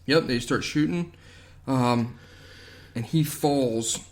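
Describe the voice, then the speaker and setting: Podcast guy filling in plot bits, easygoing, mid pitch. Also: slow pace. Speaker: podcast co-host. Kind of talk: casual movie recap chat.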